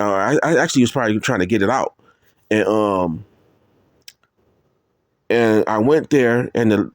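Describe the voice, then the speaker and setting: Rambling man telling a story, dry sound. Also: no room sound. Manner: rambling, many fillers and restarts, rises in pitch when heated. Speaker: testimony speaker. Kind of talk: casual storytelling testimony.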